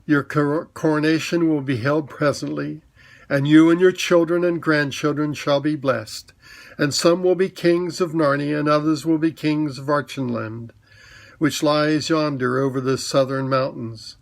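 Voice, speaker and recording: A man's voice: on the high side, fairly even intonation, unhurried, gravelly. A man voicing a great noble male lion king in a storybook reading, speaking in a solemn, commanding and formal way.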